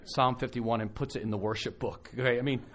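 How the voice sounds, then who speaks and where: A man's voice: mid-range voice, a little fast. A man, a pastor, giving a conversational sermon at a live conference, telling stories with frequent restarts. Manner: animated, storytelling with frequent restarts.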